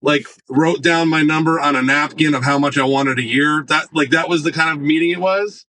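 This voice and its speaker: Brief: male interview guest, slightly high voice, lively storyteller who acts out quotes. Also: a little fast, rough recording. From United States. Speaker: marketing executive guest.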